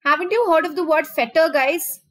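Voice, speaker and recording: Over a rough recording, a woman with a very high voice and an Indian accent leads a live online vocabulary class for exams. She switches between Hindi and English, keeps calling on students to answer, and draws out her fillers while thinking.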